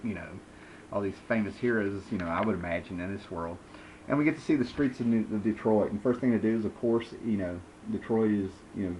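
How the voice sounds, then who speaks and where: A man's voice: on the low side, a little hiss or hum, low-quality recording. A man in his thirties giving a casual, rambling, sarcastic review of old comic books. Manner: rambling, sarcastic, lots of fillers.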